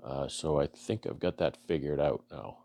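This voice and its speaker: Brief: low, gravelly Canadian man, beekeeper vlogger, earnest and halting, a little choked up. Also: mellow. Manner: halting, many restarts and fillers, earnest. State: emotional, choking up. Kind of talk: casual heartfelt talk to camera.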